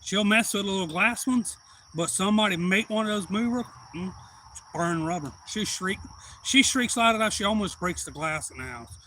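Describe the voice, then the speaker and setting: A man tells a rambling, animated story to his live-stream viewers. His voice is bright and slightly raised in pitch. Crickets and insects chirp faintly behind him. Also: normal speed, a little hiss or hum, rough recording. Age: adult father. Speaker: outdoors channel host.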